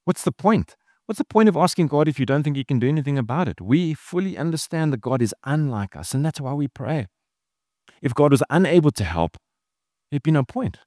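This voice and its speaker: A man's voice: on the high side, big pitch swings, fairly quick, darkish tone, dry recording, clean studio sound. A man, a pastor, giving an earnest, conversational sermon with casual asides.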